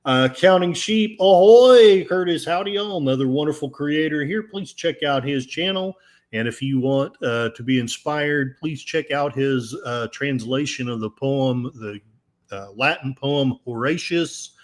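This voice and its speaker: A man's voice: medium pitch, unhurried. A man hosting a livestream podcast, reading out chat messages with a sarcastic, mock-solemn delivery.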